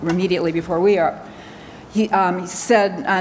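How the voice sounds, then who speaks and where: American woman presenter, hurried and filler-heavy, lecture-hall reverb. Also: lowish voice, fairly even intonation, darkish tone, slight background noise. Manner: hurried, talking fast with many fillers and restarts. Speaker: conference speaker. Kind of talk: conference talk. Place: large conference hall.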